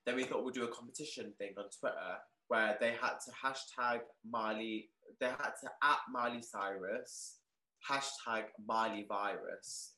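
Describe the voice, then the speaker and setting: Bright-voiced excitable man. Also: medium pitch, moderate pace, hardly any pauses. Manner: excitable, peppered with "like", animated retelling. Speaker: guest, clothing shop owner. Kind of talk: casual storytelling in an interview. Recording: roomy echo.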